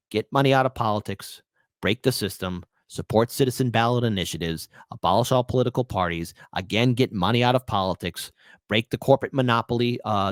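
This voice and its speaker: A man's voice: fairly low pitch, no room sound, clean studio sound. A man hosting political commentary, reading news aloud and breaking into scornful, mocking rants. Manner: mocking, sarcastic asides.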